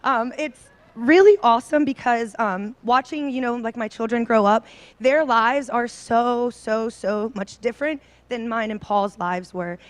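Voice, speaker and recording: Woman in her thirties, handheld mic, nervous and bubbly, lots of fillers, fairly high voice. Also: measured pace, no echo. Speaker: seminar speaker. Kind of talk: personal talk to an audience. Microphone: handheld microphone.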